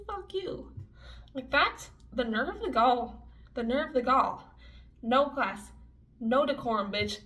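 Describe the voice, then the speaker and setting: A young woman telling a story in a casual vlog, talking fast and loose with lots of swearing and filler words. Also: a little high, fairly bright tone. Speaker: vlogger. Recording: dull lo-fi audio with faint music.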